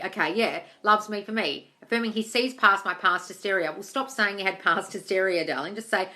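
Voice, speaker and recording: A woman's voice: mid-range voice, fast talker, hardly any pauses, pushed and bright. A woman hosting a live-stream Q&A, reading viewers' comments aloud and answering them bluntly, swearing often and calling them darling. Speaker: manifestation coach answering live chat questions.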